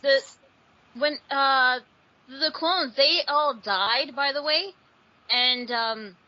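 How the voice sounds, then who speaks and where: A woman's voice: high voice, takes it slowly. A woman talks casually with friends, rambling along with lots of ums and uhs. Her voice sits in an ordinary range. The recording is dull and lo-fi. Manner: rambling with many fillers. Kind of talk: casual group chat.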